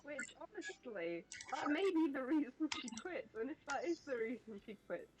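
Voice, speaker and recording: A woman's voice: high voice, big pitch swings, normal speed, heavy background noise. A woman co-hosting a drawing stream, explaining things in a dry, wry way. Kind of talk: casual stream chat.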